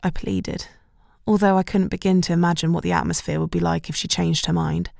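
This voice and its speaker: Female audiobook narrator, first-person, wry; low, gravelly, dry close read. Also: flat delivery, brisk, darkish tone, no room sound.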